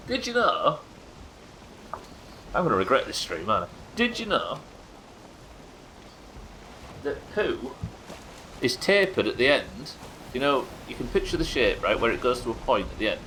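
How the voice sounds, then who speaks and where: A man's voice: medium pitch, fairly bright tone, slight background noise, rough recording. A man chatting casually while streaming a game, crude and joking, laughing often. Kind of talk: casual live-stream chat.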